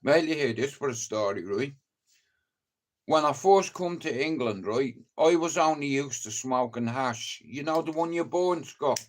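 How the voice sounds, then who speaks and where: With an expressive, medium-pitched voice and a measured pace, a middle-aged Irishman with a Dublin accent shares anecdotes on a live stream. The stories ramble, he swears freely, and "you know" comes up constantly.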